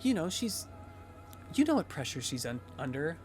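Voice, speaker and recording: A man voicing a shy, soft-spoken young schoolgirl who talks meekly and hesitantly. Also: on the high side, sing-song, normal speed, breathy edge, soft background music. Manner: meek, hesitant.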